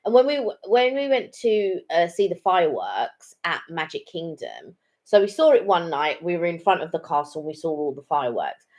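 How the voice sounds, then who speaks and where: Co-hosting a live chat stream, this middle-aged woman rambles through her stories in casual talk, often saying um and starting over. She has a lowish, slightly mellow voice with big swings in pitch, delivered at a moderate pace.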